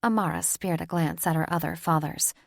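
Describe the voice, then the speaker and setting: A woman narrating a paranormal romance audiobook with a measured, dramatic reading. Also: lowish voice, creaky, no echo, clean studio sound. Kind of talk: scripted narration.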